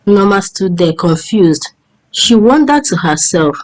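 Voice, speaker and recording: A woman narrating a folk tale in a steady, measured storytelling voice. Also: mid-range voice, low-quality recording.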